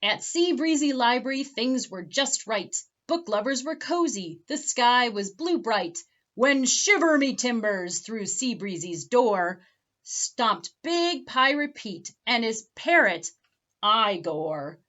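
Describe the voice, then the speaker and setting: A woman librarian reading a picture book aloud for children at home, with animated, expressive storytelling. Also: fairly high pitch, takes it slowly, muffled recording.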